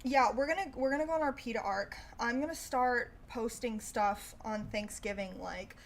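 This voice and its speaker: Sarcastic young woman livestreamer, fairly high voice. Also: normal speed. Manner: sarcastic, profane, laughs often. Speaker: livestream host. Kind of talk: casual livestream chat reacting to news.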